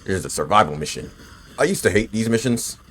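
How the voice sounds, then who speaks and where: A man in his twenties with a lowish voice gives laid-back, swear-heavy commentary while he plays a game. He chats loosely with his viewers between fights and is bothered by the hiccups. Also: expressive, quick pace, fairly bright tone, a little hiss or hum. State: has the hiccups. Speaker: gaming streamer. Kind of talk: casual gameplay commentary.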